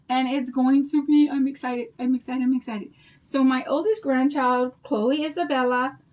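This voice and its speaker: An older woman hosting a craft livestream, chatting to her viewers in a bubbly, rambling storytelling way. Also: sits high.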